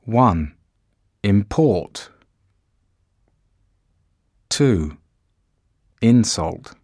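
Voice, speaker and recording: A man with a lowish voice narrates a language course. He reads every word very slowly and carefully, and his pitch rises and falls a lot. The sound is dry and close, with no room echo. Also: animated, a little mellow. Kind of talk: slow, deliberate scripted pronunciation reading.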